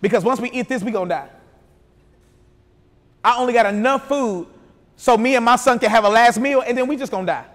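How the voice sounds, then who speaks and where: A man's voice: very high-pitched, fairly quick, pauses often, big-room sound. A man voicing a poor widow woman who talks bluntly in everyday slang, inside a preached sermon. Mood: blunt, resigned. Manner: plain-spoken street slang.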